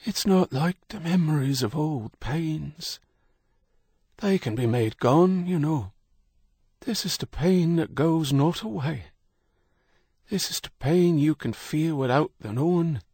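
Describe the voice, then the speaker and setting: A man's voice: on the high side, expressive, slow pace, dark tone, breathy edge, no room sound, studio quality, voice pushed up, exaggerated voice. A man voicing a bitter, toothless old man with a cracked voice. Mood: mournful.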